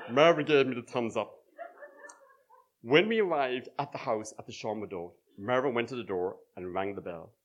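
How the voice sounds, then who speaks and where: A man's voice: mid-range voice, moderate pace. A middle-aged man telling a true personal story live on stage to an audience, with dry, wry humour. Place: small live venue with audience.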